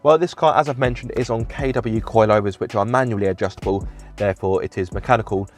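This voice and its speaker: A man's voice: fairly low pitch, fast, soft background music. A man hosting a casual car review, talking from inside a car, chatty and self-deprecating with plenty of fillers.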